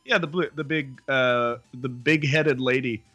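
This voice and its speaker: A man's voice: medium pitch, unhurried, fairly bright tone, dull audio, faint music behind. A man co-hosting a podcast, rambling through the news with self-deprecating jokes and frequent laughs. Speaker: podcast co-host. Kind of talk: casual chat.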